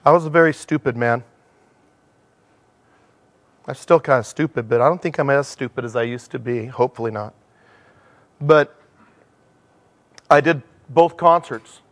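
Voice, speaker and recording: A middle-aged man giving a sermon in a church, animated and self-deprecating, telling stories and acting out dialogue. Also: medium pitch, moderate pace, long pauses. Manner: animated, acts out dialogue in changing voices. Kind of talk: sermon with storytelling.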